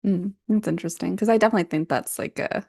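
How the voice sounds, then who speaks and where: A woman's voice: mid-range voice, fast talker, vocal fry, darkish tone, breathy edge, no room sound, clean studio sound. A woman writer co-hosting a podcast, chatting casually and telling stories with lots of "like" fillers. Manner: chatty, many "like" fillers, storytelling.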